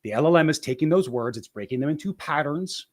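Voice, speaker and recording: A man's voice: a little high, animated, fast. A man talking as a guest in a casual interview, explaining a process step by step with frequent restarts and "right?" tags.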